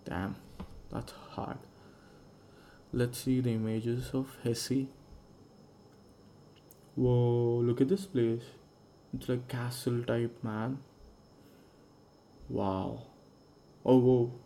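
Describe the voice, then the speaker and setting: A man's voice: mid-range voice, flat delivery, extremely slow, vocal fry, pauses often, warm tone, a little hiss or hum. A young man hosting a casual solo podcast, rambling and musing aloud and swearing freely. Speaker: podcast host.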